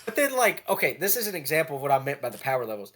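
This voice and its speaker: A man co-hosting a casual anime podcast, talking in a loose, animated way and breaking into quick character impressions. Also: on the high side. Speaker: podcast co-host.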